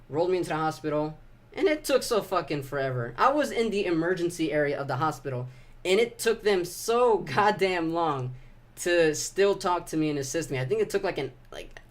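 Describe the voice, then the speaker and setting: A man's voice: on the high side, expressive. Young man telling a painful story. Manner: halting, emotional, profane, many restarts. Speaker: vlogger. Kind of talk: personal confessional storytelling.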